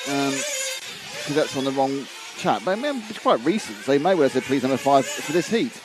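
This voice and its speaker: A man's voice: mid-range voice, sing-song, brisk, noisy background. Chatty male race commentator. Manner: chatty, reads out viewer comments.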